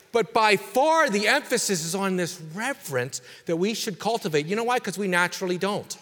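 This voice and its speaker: A man pastor preaching a sermon with emphatic delivery, dropping quiet and then rising to forceful exhortation. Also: high voice, lively intonation, fairly quick, few pauses, long reverb tail.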